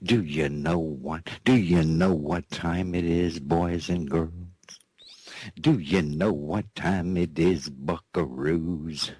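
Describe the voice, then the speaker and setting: A man's voice: deep voice, slow pace, darkish tone, no room sound. A man hosting his own show in a playful cowboy-style comic monologue, drawling and often repeating himself with a chuckle. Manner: drawling, repeats "that's right", chuckles between phrases; playful cowboy-style banter with an off-mic partner. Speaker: host of a news and commentary show.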